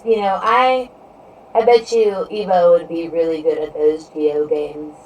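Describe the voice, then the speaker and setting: A woman's voice: lowish voice, steady tone, slow pace, darkish tone. Rambling woman streamer chatting with her viewers. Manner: rambling, leans heavily on "you know". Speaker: live streamer. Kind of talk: casual live-stream chat with viewers. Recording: distant mic with faint background noise.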